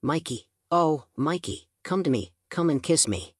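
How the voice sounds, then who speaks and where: A man's voice: fairly high pitch, expressive, a little slow, dry recording, pitched above the performer's own voice. A cheeky teenage prankster, put on by a male audiobook narrator, cracks jokes in a teasing, mock-spooky voice. The sound is dry and close, with no room around it. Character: wisecracking teenage boy prankster.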